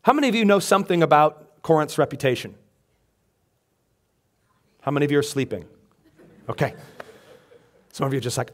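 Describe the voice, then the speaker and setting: A man's voice: on the high side, big pitch swings, brisk, pauses often. A male pastor giving a sermon, reading scripture aloud and joking with the congregation between readings. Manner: conversational, joking asides to the congregation.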